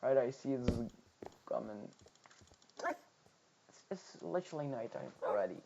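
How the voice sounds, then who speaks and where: A man's voice: mid-range voice, very animated, unhurried, gravelly, dull audio. A man giving casual let's-play commentary, muttering and counting to himself as he plays, often dropping to a half-whisper. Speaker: gameplay streamer. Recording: loud background noise.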